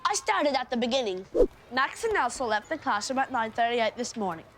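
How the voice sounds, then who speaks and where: A woman's voice: on the high side, big pitch swings, a little fast. A woman voicing a schoolchild who patiently and matter-of-factly explains what really happened. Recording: music playing underneath.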